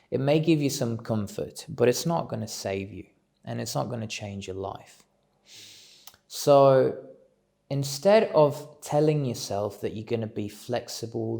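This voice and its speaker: Slow, gravelly-voiced man musing. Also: mid-range voice, mellow. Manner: measured, musing, thinks aloud. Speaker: speaker on self-development. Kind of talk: reflective solo talk. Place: at home.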